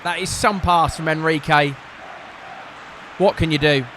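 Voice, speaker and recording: A man casually commentating his own football video game, frank and quick to swear when frustrated. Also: on the high side, fairly even intonation, fairly bright tone, a little hiss or hum. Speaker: gaming content creator. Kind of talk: casual live gameplay commentary.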